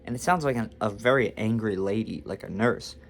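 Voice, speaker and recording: A man's voice: lowish voice, a little fast, creaky, slight background noise. A man telling a storytime story to camera, rambling and self-deprecating with frequent restarts. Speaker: vlogger. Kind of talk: storytime monologue.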